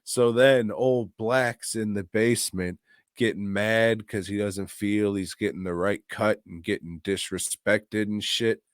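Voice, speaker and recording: A man's voice: fairly low pitch, fairly even intonation, unhurried, smooth, dry recording, studio quality. A man co-hosting a podcast, casually reviewing a movie in a jokey, profane, rambling way. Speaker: podcast co-host.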